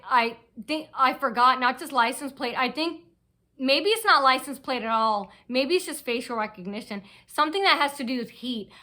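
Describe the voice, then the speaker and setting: Agitated woman with a bright, sharp voice. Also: on the high side. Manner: agitated, aggrieved, restless storytelling with many restarts. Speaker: vlogger. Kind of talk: rambling personal monologue.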